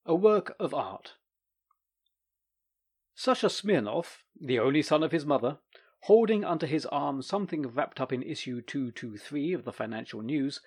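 A man narrating short stories for an audiobook with expressive, lively delivery. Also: a little high, slightly rough.

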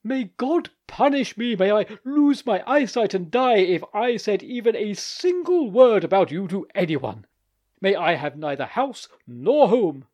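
A man's voice: big pitch swings, measured pace, darkish tone, full character voice. A man voicing a man who swears a fervent oath of innocence, raised and pleading. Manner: fervent, high-pitched oath.

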